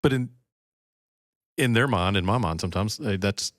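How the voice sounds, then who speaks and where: A man's voice: fairly low pitch, normal speed, dry recording, studio quality. A middle-aged man co-hosting a podcast in casual chat, rambling and often breaking off mid-sentence. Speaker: podcast co-host.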